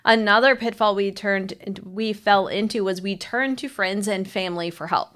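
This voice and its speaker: A woman's voice: mid-range voice, moderate pace, fairly bright tone. A woman marriage coach talking candidly and telling a story with animation in a casual podcast chat.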